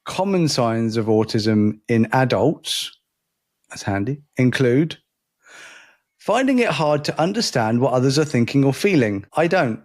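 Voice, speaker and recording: Man, casual podcast chat, mid-pitched, rambly, laughs a lot, restarts sentences. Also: sing-song, measured pace. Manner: rambling, self-correcting, laughs often. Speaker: podcast co-host.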